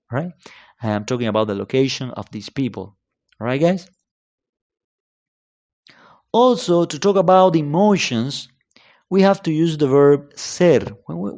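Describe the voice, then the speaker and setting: Animated man teaching a language lesson. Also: medium pitch. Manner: repeats examples slowly, checks in with "okay?" and "right?". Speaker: Spanish teacher.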